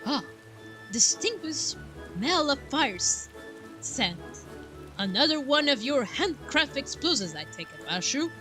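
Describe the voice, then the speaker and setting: A woman voicing a pompous male gentleman inspector, reading his lines in a grand, formal manner over game music. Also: high-pitched, sing-song, unhurried, pitched above the performer's own voice. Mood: grandiose.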